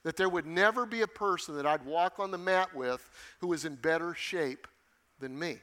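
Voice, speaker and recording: A man's voice: fairly high pitch, moderate pace, pushed and bright. A middle-aged man preaching a sermon with emphatic delivery, repeating key phrases for weight. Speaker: pastor.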